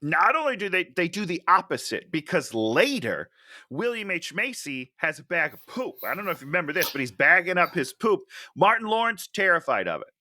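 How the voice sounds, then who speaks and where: A man co-hosting a comedy movie review podcast, talking in a sarcastic, animated way and acting out lines from the film. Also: sits high, brisk, no room sound. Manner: animated, sarcastic, acts out characters' lines in big voices. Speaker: podcast co-host.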